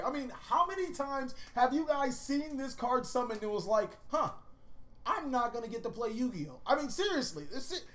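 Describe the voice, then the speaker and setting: A woman's voice: high voice, a little hiss or hum. A woman hosting a card-game countdown video, talking in a casual, profane way and telling rambling joke anecdotes. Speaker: YouTube card-game host. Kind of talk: casual comedic countdown commentary.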